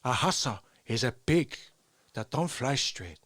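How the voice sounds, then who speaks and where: A man's voice: medium pitch, lively intonation, unhurried, fairly bright tone, dry recording, clean studio sound, voice pushed down. A man doing an impression of a tough male gangster from a film, swaggering and menacing.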